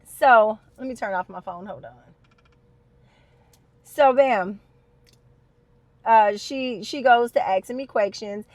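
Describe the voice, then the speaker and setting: Chatty high-voiced woman telling a story. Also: slow, pauses often, no echo. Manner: animated, chatty, addresses viewers as y'all. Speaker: storyteller vlogger. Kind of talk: casual story time.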